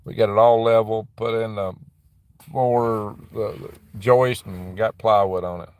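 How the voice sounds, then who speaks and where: Reading viewer chat on a casual stream, a middle-aged man rambles and chats from a dim room on his property, laughing quickly as he answers. His voice is on the low side, steady and clean in tone, and the recording is dry.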